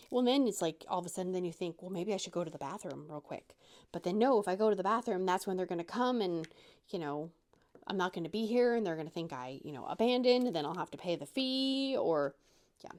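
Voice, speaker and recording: A woman's voice: fairly low pitch, darkish tone. Woman vlogger, chatty crafting host, rambling and self-mocking. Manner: chatty, self-deprecating, rambling with many restarts.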